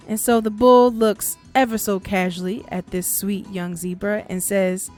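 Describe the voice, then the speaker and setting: A woman's voice: mid-range voice, unhurried, few pauses, warm tone, faint music behind. A woman hosting a podcast, telling folk tales in a casual, chatty way and laughing often. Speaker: podcast host and storyteller.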